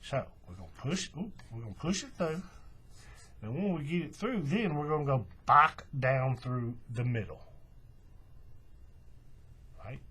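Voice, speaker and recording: A man's voice: medium pitch, unhurried, long pauses, breathy edge. A man hosting a hands-on craft tutorial, talking casually step by step while he works with his hands. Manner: relaxed, folksy, talks while working with his hands.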